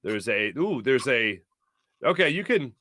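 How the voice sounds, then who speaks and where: Animated, bright-voiced male show host. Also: mid-range voice, unhurried, no echo, studio quality. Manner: playful, animated, laughs often. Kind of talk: casual sports talk show chat.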